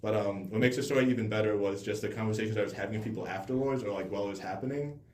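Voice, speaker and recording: A young man hosts a casual podcast chat and rattles off stories quickly, with lots of loose fillers. His voice sits fairly low. The room adds a clear echo around him. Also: a little mellow, a little hiss or hum. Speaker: podcast host. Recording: roomy echo.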